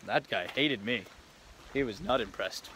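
A young man vlogging at a zoo park outdoors, talking excitedly to the animals into a handheld camera. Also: medium pitch, a little slow. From England. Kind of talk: casual vlog commentary. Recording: noisy outdoor camera audio.

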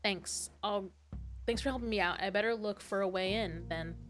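A woman's voice: medium pitch, normal speed, close to an everyday voice. Terse private eye guy in a game, read by a woman, plain short questions, faint music. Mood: calm. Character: terse male private detective.

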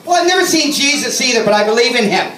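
A man's voice: extremely high pitch, lively intonation, quick pace, bright, forceful tone, a little hiss or hum. A man doing a stand-up comedy set on a club stage, telling sarcastic stories and acting out the people in them. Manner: sarcastic storytelling, acts out customers. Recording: roomy, from a distance.

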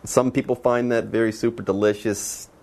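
A man's voice: mid-range voice, flat delivery, moderate pace, creaky, a little mellow. Easygoing male lesson host. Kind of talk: casual explanatory chat.

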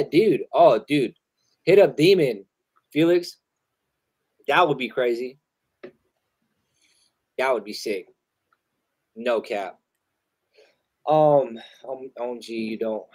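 A man hosting a live music review stream, talking loud and loose with heavy slang and swearing, laughing often. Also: mid-range voice. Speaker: host reviewing submitted music. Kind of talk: casual live-stream chat.

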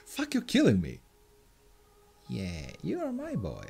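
Excitable let's play gamer, wildly swooping voice. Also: mid-range voice, takes it slowly, gravelly, slightly rough, soft background music. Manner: excitable, shrieks and laughs often; swears casually. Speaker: gameplay commentator.

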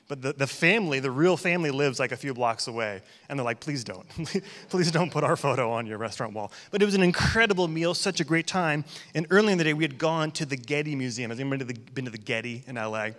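Joking pastor in a reverberant hall. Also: male voice, on the high side, a bit bright. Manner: conversational, joking storyteller. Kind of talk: sermon. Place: church hall.

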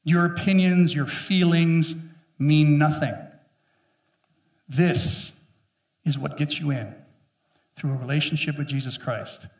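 A man in his fifties preaching with force from the pulpit, his voice pitched a little high. He jokes and acts out quick voices between blunt points. He is heard from some distance in an echoey church room. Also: steady tone. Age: 50s. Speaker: pastor. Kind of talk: sermon. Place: church sanctuary.

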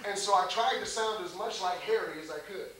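A man's voice: sits high, brisk. Male preacher, folksy storyteller, distant mic with hiss. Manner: folksy, chuckling often while telling a story. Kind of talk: storytelling sermon. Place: church service. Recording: echoey hall recording from a distance with noise.

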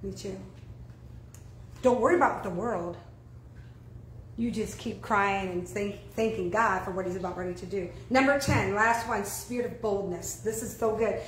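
A woman pastor preaching a sermon, animated and throwing questions out to her congregation. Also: medium pitch, normal speed, roomy sound, a little hiss or hum, rough recording.

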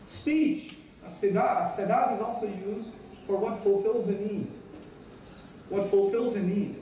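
A man's voice: high-pitched, warm tone. A man giving an emphatic religious lecture, repeating his key points and acting out little everyday dialogues. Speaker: Islamic speaker. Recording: very echoey hall, mic far off, faint noise.

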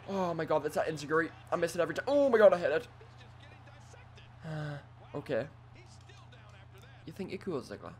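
A man giving excitable let's play commentary, trash-talking his opponent and swinging between quiet mutters and sudden yells. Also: medium pitch, a little hiss or hum. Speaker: gaming commentator.

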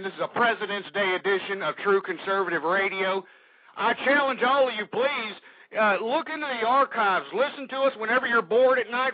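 Man, talk radio host, impassioned crude ranting, high husky dry voice. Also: no room sound. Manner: fervent, shouting, repetitive, crude. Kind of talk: impassioned political radio rant. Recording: dull lo-fi internet radio recording.

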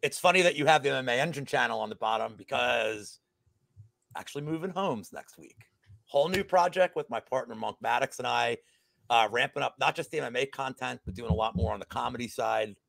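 A man guesting on a sports betting stream, chatting excitedly and swearing freely about his upcoming content. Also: medium pitch, a little fast, gravelly, no echo. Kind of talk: casual chat.

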